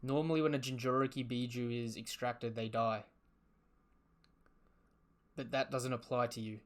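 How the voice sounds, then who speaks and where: A man reading aloud the lines of a dying male fox spirit, in a calm, matter-of-fact manner. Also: mid-range voice, close to an everyday voice. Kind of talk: reading manga dialogue aloud.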